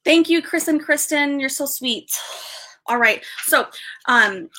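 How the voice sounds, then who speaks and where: A young woman hosting a casual live stream, excited and rambling, stumbling over restarts and fillers as she chats with viewers. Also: sits high, slow pace, slight background noise. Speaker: livestream host.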